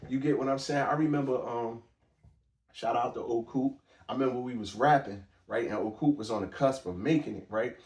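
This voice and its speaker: A man's voice: mid-range voice, fairly quick, a little mellow, recorded from a distance. Blunt man talking in an echoey room. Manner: blunt, emphatic street talk with frequent restarts. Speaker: podcast host. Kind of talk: casual commentary monologue.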